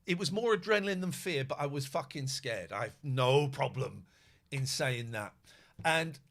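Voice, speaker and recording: A middle-aged man, hosting a podcast and telling a story with a lot of swearing and shouted re-enactments. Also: medium pitch, animated, moderate pace, gravelly. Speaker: podcast host. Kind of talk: animated storytelling.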